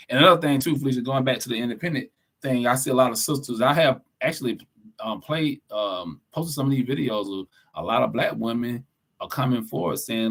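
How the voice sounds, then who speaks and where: A man's voice: mid-range voice, expressive, fairly quick, husky. Blunt, preachy podcast co-host man. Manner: blunt, preachy, profane, emphatic. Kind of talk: casual opinionated podcast talk.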